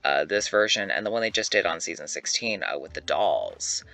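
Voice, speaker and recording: A young man and YouTuber giving casual, animated commentary to camera, chatty and swearing freely. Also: low voice, normal speed, dry recording. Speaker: YouTuber ranking reality-show contestants.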